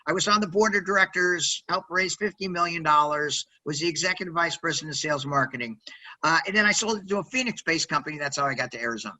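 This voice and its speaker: A man in his sixties, a podcast guest telling stories in a loud, high-energy, quirky way, often tagging sentences with "right?". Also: fast talker, rough recording. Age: 60s. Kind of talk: energetic interview storytelling.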